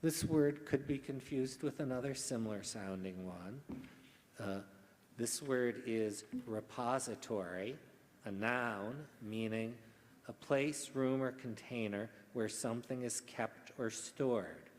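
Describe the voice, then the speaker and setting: Slow, deliberate man in an echoey hall. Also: mid-range voice. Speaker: spelling bee pronouncer. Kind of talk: formal reading of words and definitions.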